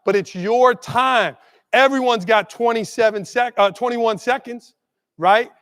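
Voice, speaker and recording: A man giving an energetic motivational keynote to school administrators, acting out quick exchanges with staff and parents. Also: very high-pitched. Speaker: keynote speaker. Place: large conference hall. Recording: long hall reverb.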